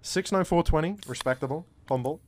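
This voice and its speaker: A man streaming a shooter game, chatting casually to his viewers, excitable and swearing often, calling everyone bro. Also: a little high, fairly quick, a little hiss or hum. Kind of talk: casual live-stream commentary.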